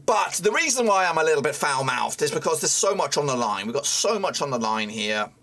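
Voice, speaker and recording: A man reacting live to his team's match as a fan streamer, excitable, swearing often and yelling at the players. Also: fairly high pitch, fairly quick.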